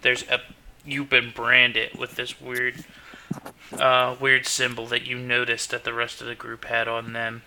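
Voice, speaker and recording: Male game master, slow and gravelly, bright edgy tone, relaxed narration. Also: mid-range voice, a little hiss or hum. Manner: unhurried narration with restarts and fillers.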